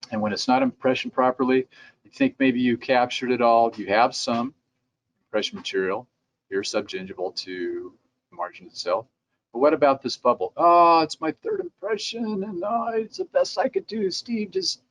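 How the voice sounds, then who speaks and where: A middle-aged man with a fairly low voice gives an instructional talk in a relaxed, conversational way. His delivery is practical and direct, and now and then he slips into quoted replies. A faint ambient hiss sits behind him. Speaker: dental lab president giving a training talk. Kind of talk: instructional presentation.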